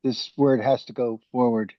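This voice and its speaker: A male student joins a class discussion over a video call and calmly explains his point. His pitch is ordinary, and the sound is muffled and dry. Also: moderate pace, dry recording.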